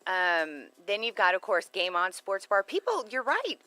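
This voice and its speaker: Animated, bright-voiced female radio co-host, giggly and rambling. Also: medium pitch, normal speed, low-quality recording. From Texas. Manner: giggly, rambling, easily sidetracked. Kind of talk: casual radio chat.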